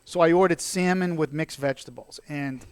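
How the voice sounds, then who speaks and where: A man's voice: on the high side, normal speed, no echo. A middle-aged man, a guest on a talk podcast, telling stories in a jokey way and laughing often. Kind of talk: casual talk show banter.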